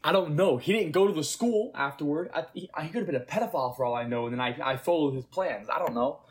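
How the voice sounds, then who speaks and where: A man's voice: on the high side, quick pace, slight background noise. A young man co-hosting a casual podcast, telling a long rambling story and checking in with "right?" as he goes. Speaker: podcast co-host. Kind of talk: casual chat.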